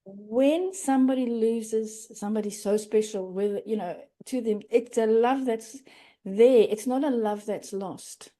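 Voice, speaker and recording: A middle-aged woman talks earnestly as a podcast guest. Her voice sits a little high yet sounds mellow and soft-edged. She slips into little quoted voices as she explains. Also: measured pace. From Australia. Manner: earnest, acts out quoted phrases. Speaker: grief coach, guest. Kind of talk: podcast interview.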